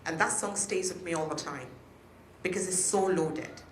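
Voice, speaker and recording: A woman's voice: fairly low pitch, moderate pace, slight background noise. A woman giving a speech to an audience at a peace event, engaging them with questions. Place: hotel function room. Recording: echoey room.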